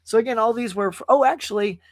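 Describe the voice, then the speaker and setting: A man hosting a casual live stream, animated and laughing often as he reads viewer comments. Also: extremely high pitch, fast, dry recording. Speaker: host.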